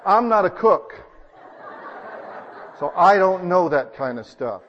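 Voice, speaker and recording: High-voiced animated male preacher. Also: takes it slowly, big-room sound, muffled recording. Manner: animated storytelling, swings from loud to hushed. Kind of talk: sermon.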